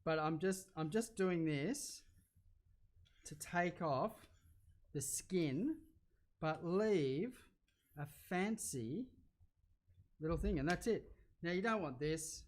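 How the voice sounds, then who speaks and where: A middle-aged Australian man hosting a casual cooking livestream, chatting in a rambling way and getting loud when he is excited. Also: a little high, slow, pauses often.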